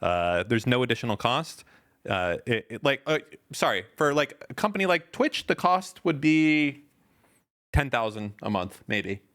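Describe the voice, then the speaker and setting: A man's voice: mid-range voice, expressive, a little slow, fairly bright tone. A man co-hosting a podcast, arguing his point in casual debate, insistent and emphatic, swearing often. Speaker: podcast co-host.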